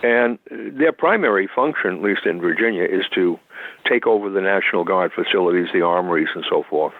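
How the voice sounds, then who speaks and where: A man's voice: low voice, fairly quick, no echo. A man from the United States, a constitutional attorney, explaining law in an interview in a methodical, lecturing way with frequent restarts. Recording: tinny phone line.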